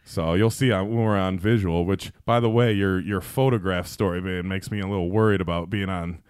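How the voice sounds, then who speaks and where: A man's voice: sits low, fairly even intonation, a little fast, a little mellow, clear, resonant tone, dry recording, clean studio sound. A man on a podcast telling long, profane workplace stories in a loose, rambling way full of fillers. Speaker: podcast guest. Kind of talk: casual storytelling.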